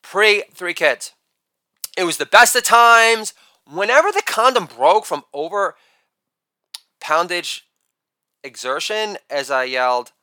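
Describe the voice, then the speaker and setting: Brash crude male comedian, high lively voice, bright and clean, dry close sound. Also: slow, long pauses, no room sound. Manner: brash, crude punchlines with loud shouted catchphrases. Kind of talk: rapid-fire joke monologue.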